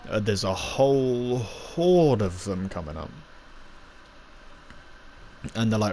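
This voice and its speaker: A man's voice: lowish voice, moderate pace, pauses often, slight background noise. A man giving a casual, rambling spoken review, recapping scenes with lots of fillers and little acted-out quotes.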